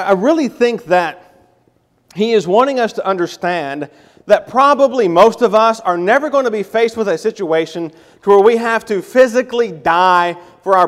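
High-voiced man teaching scripture in a hall. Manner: reads scripture then explains it, with restarts and self-corrections. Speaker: Bible teacher. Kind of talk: Bible lesson.

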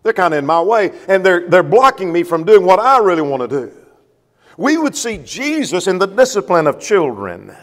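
A man's voice: high-pitched, very animated, moderate pace, fairly bright tone, long reverb tail. A man preaching a sermon to a congregation, emphatic, repeating a refrain and putting questions to his listeners.

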